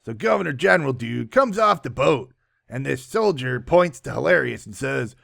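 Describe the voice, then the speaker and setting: A man giving a sarcastic comic recap of a movie, with deadpan asides. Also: mid-range voice, moderate pace, creaky. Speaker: movie reviewer.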